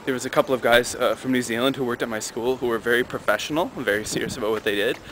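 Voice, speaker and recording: A young man in a vlog telling a personal story in a casual, animated way, acting out the dialogue. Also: very fast, slight background noise, poor audio. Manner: animated, acts out dialogue with raised pitch.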